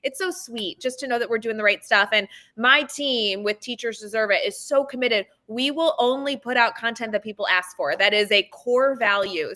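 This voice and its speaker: A woman's voice: fairly high pitch, pushed and bright. A woman education podcaster in a casual panel chat, bubbly and chatty. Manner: bubbly, fast-talking, chatty. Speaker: education podcaster and course creator.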